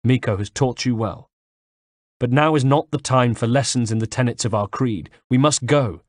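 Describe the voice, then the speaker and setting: A man's voice: mid-range voice, normal speed, no echo, studio quality, lightly acted. A man voicing a cunning, deceptive young swordsman in an audiobook, speaking urgently and persuasively. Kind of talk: audiobook character voice.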